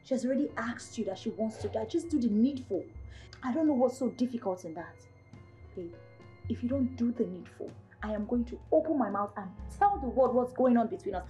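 A woman's voice: on the high side, expressive, a little fast, faint music behind, natural voice. An actress with a Nigerian accent playing a demanding mistress who coaxes and threatens her lover. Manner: coaxing, then sharp and demanding. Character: scheming young mistress, demanding and bold. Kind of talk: film drama acting.

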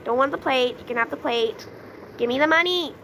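A young woman chatting through a video game as she plays it, easily flustered, with gasps and excited outbursts. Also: high-pitched, fairly quick, slight background noise, poor audio. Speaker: gaming YouTuber. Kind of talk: casual gameplay commentary.

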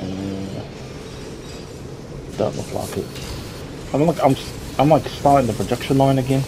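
A man's voice: medium pitch, moderate pace, background noise. A young man commenting on a horror game as he plays, swearing a lot and yelping when something startles him. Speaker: gameplay streamer. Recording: game music loud behind voice.

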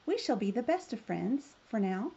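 A woman's voice: on the high side, very animated, normal speed, vocal fry, dark tone, slightly rough, lo-fi sound, heavily acted. A woman voicing a polite, cheerful male frog at dinner. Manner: polite and friendly.

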